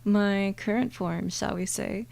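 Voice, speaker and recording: A woman softly voicing a suave male crow demon with formal, old-fashioned manners, in a whispered role-play. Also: medium pitch, steady tone, slow, creaky, rough recording. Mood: silky.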